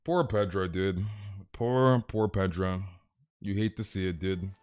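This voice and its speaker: A man's voice: unhurried, a little mellow, clean tone. A man streaming a game, chatting casually and rambling with repeated words. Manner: rambling, repetitive, trails off low.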